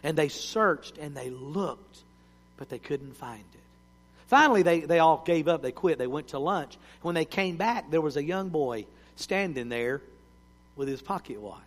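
A male preacher, telling stories in a sermon and swinging between loud cries and hushed words. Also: a little high, lively intonation, a little slow. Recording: long hall reverb.

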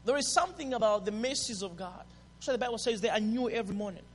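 A man preaching a passionate sermon as a pastor, dropping to a hush and then building to shouts. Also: high-pitched, animated, quick pace. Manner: passionate, swings from hushed to shouting. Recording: reverberant hall.

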